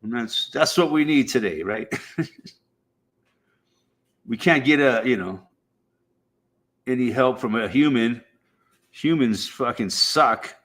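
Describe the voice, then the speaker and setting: A man's voice: medium pitch, slow, pauses often, a bit bright. A man streaming, chatting casually in a rambling, profane way with frequent fillers. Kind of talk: casual chat.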